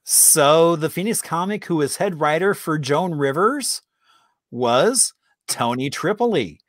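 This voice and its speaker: Male host, slightly high voice, upbeat and conversational trivia style. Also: lively intonation, slow pace, no room sound, clean studio sound. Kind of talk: casual trivia hosting.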